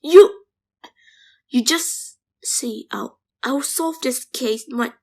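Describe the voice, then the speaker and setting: A woman's voice: high-pitched, animated, a little slow. A woman voicing an angry, grieving teenage boy who is chasing his father's killer. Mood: bitter. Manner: sulky, bitter, then yelling. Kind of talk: fan machinima voice acting.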